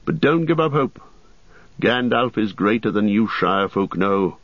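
A grave, watchful ranger played by a man speaks in a low, husky, measured voice, weighing each word. The recording sounds slightly muffled. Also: lively intonation, dry recording. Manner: slow, solemn and measured.

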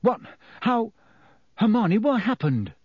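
Brief: lost, questioning schoolboy wizard, raised lively voice, as a reader puts him on. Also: male voice, high voice, slow pace, breathy edge, no echo, clean studio sound, voice pushed up, full character voice. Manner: confused, questioning. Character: bewildered teenage schoolboy wizard. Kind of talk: audiobook character voice.

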